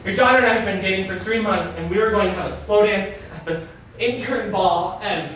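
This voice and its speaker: Blustering rich boss, put on by a man in one-man improv, bright and booming. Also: brisk, slight background noise. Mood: outraged. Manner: blustering, grandiose showman. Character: boisterous rich male company boss. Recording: echoey stage from far off.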